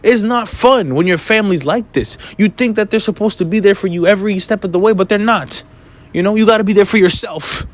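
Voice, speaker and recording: A man speaks straight to his audience in a casual, heated rant, blunt and full of swearing. His voice sits somewhat high for a man. He lectures in a preachy way. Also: brisk. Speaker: vlogger.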